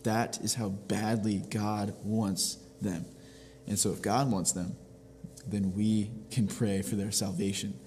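A low-voiced man leads a devotional teaching in an earnest, step-by-step way, circling back over his points. His voice carries a long reverb, with faint room ambience behind him. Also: level tone, slow pace, a little mellow, a little hiss or hum. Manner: earnest, explains step by step with frequent restarts. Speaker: pastor.

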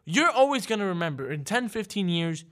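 A man's voice: sits high, big pitch swings, a little fast, fairly bright tone. A young man co-hosting a sports radio show, chatting casually and stammering over his words when he is teased. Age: young adult. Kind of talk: casual studio banter. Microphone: studio microphone.

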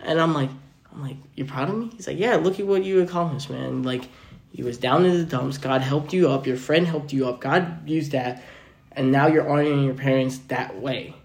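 In a roomy, echoey space, a young man hosting a podcast shares personal stories in a relaxed way, acting out each person in the exchanges. He speaks at a normal speed in a slightly high voice with vocal fry.

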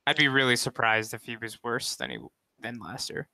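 A man co-hosting a casual podcast chat, talking in a hesitant way with many pauses and restarts. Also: medium pitch, lively intonation, gravelly, pushed and bright, a little hiss or hum. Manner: hesitant, full of ums and restarts. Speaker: podcast co-host.

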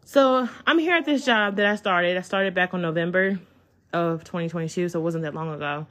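A woman, hosting a podcast from home and telling a personal story in a chatty, excitable way. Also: lowish voice, fairly quick. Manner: chatty, excitable, addresses listeners as y'all. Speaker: podcast host. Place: at home, child in the room.

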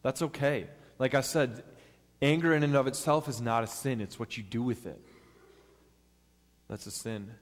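A man's voice: medium pitch, steady tone, normal speed, long pauses. A man preaching a sermon in an earnest, step-by-step teaching manner. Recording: long hall reverb.

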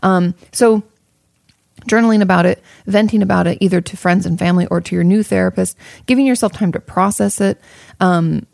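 Woman, therapist, casual advice, frank, filler-heavy, gravelly voice, dry close recording. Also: on the low side, brisk, darkish tone, no room sound. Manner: casual, frank, thinks aloud with fillers and occasional swearing. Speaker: therapist answering viewer questions.

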